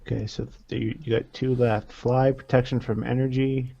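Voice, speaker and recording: A man with a gravelly, mellow voice, talking casually as a tabletop game player. He thinks aloud in halting fragments, heard through a dull lo-fi recording. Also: mid-range voice, level tone.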